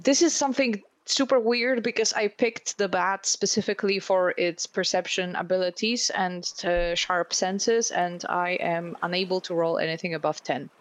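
A woman playing a tabletop game, speaking haltingly and searching for words. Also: lowish voice, steady tone, no room sound, poor audio. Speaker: player. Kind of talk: casual tabletop game chat.

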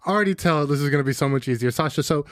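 A man's voice: fairly high pitch, rapid-fire, dry recording, studio quality, natural voice. A man playing an earnest, patient diplomat and straight man in an improv comedy scene, reacting with disbelief. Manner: patient, incredulous.

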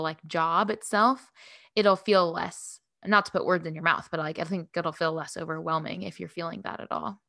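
A woman's voice: fairly low pitch, fairly bright tone, no room sound, studio quality. Chatty giggly woman podcast host. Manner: chatty, giggly, rambling with many fillers. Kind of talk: casual chat.

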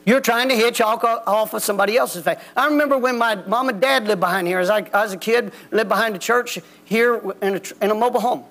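A man's voice: sits high, fast talker, few pauses, fairly bright tone. A man preaching a folksy, plain-spoken sermon in a church. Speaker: pastor. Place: church sanctuary.

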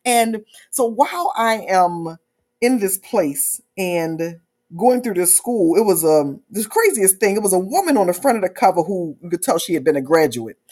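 A woman minister telling a testimony in an online church service, with animated storytelling and frequent praise interjections. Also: medium pitch, normal speed. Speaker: prophetic minister.

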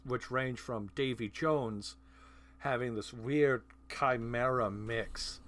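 Male host for a casual movie podcast; talks in an animated, chatty way and laughs easily. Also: mid-range voice, a little hiss or hum. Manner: animated, laughing, profane asides. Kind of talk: casual film discussion.

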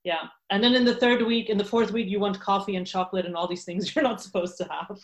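A woman's voice: medium pitch, steady tone, fast talker. Candid woman telling her story. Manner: candid, laughs often, many fillers and restarts. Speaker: interview guest. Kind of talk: casual interview talk.

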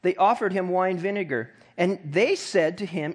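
A man with a high-pitched voice preaches a sermon in a church. He reads scripture aloud and acts out the mocking voices with fervor. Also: moderate pace. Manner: reads scripture aloud, then acts out the mockers with rising intensity. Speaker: pastor.

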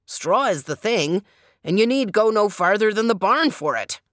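A woman reading a storybook, voicing a stubborn husband with a lower, smug, gruff delivery. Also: lively intonation, normal speed, a bit bright, no room sound, clean studio sound, natural voice.

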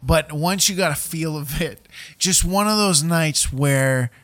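Laid-back podcast host asking questions. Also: male voice, a little high, unhurried, a bit bright. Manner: short reactions, playful outbursts. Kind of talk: casual interview.

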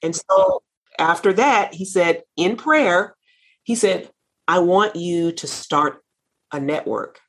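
Fervent woman minister on a faith talk show, husky tone. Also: lowish voice, lively intonation, slow. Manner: fervent, preacherly, repeats phrases. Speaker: minister and network founder. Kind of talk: christian talk show conversation.

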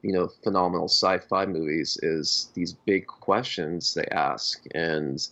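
A man co-hosting a podcast, talking about films in a halting, hesitant way. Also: deep voice, steady tone, fairly bright tone. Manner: halting, full of fillers and restarts. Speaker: podcast co-host. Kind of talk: casual film discussion. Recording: dull lo-fi podcast audio.

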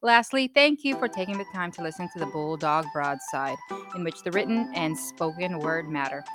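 A woman teacher with a fairly low voice wraps up a school podcast in a scripted, upbeat sign-off. She reads her thanks in a clear, even cadence, and a music bed plays loudly beneath her. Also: moderate pace.

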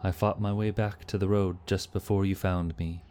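A man voicing a wounded male bodyguard who reports in a measured, earnest way. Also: low voice, level tone, dark tone, slight background noise, voice pushed up, close to an everyday voice. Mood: weary.

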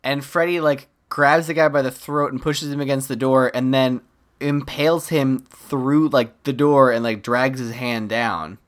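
Wry, animated podcast co-host recapping a film. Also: medium pitch, measured pace. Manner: animated storyteller, laughing, wry asides. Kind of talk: casual chat recapping a film.

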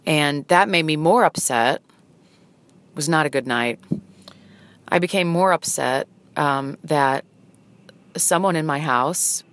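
Low-voiced woman, halting storyteller. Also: gravelly. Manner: halting, hesitant, earnest. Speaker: vlogger. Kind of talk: personal storytelling. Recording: noisy, with vehicle sounds behind.

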